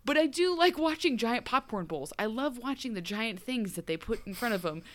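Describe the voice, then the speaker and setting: Rambling, animated woman podcast host. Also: on the high side, fairly quick. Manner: animated, rambling, acts out quoted lines. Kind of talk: casual TV recap chat.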